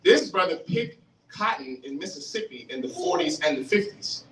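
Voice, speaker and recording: A man giving a fiery street-style religious lecture, animated, questioning the audience and acting out voices. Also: sits high, normal speed. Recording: roomy, distant mic, faint hiss.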